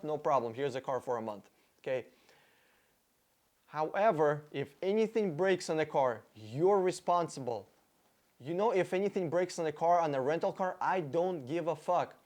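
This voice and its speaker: A man's voice: a little high, a little mellow. A man hosting a car-buying video, reacting to an interview clip with blunt, profane sarcasm and mock emotion.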